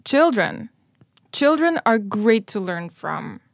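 A woman's voice: on the high side, very animated, takes it slowly, gravelly, dry recording, studio quality. A woman speaking as a podcast guest, talking in a casual and thoughtful way. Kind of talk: casual conversation.

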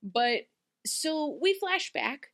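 A woman in her thirties co-hosting a casual recap chat, animated and laughing often as she acts out scenes. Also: sits high, drawn-out words. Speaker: podcast co-host.

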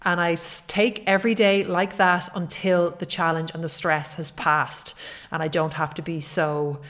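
A woman's voice: fairly low pitch, level tone, unhurried, a bit bright. A middle-aged woman hosting a solo podcast as a fitness coach, talking in an earnest, encouraging way and often repeating her key points.

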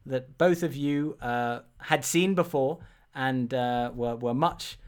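A man hosting a casual film podcast, animated and stumbling over his words, swearing often. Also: mid-range voice, slow, clear, resonant tone. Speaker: podcast host.

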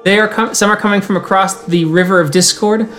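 A man running a tabletop role-playing game as storyteller, mixing unhurried scene narration with quick rules calls. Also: sits high, fairly even intonation, fairly bright tone, soft background music.

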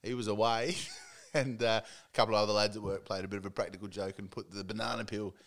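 Swearing bloke hosting a podcast. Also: male voice, fairly low pitch, fairly even intonation, fast talker, a bit bright. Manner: laddish, swearing, laughing banter. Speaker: podcast host. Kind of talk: casual chat.

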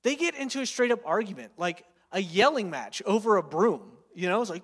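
High-voiced young preacher in a reverberant hall. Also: male voice, very animated, moderate pace. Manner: chatty, storytelling, lots of filler words and tag questions. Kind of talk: sermon.

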